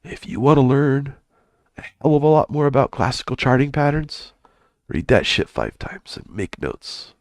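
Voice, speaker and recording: A man's voice: medium pitch, animated, moderate pace, dry recording, studio quality. A man hosting a live trading stream, chatting casually and with plenty of swearing, often mumbling in a half-whisper.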